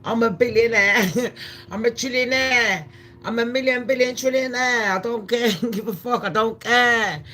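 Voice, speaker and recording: A woman's voice: fairly high pitch, unhurried, pushed and bright, slight background noise. Woman doing a brash South African billionaire. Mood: boastful. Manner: mocking impression, indignant and boastful.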